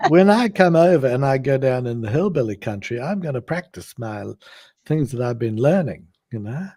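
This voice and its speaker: A man's voice: mid-range voice, lively intonation, normal speed, warm tone. A man hosting a casual podcast chat, hesitant and filler-heavy. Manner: hesitant, with many fillers and frequent laughs. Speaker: host.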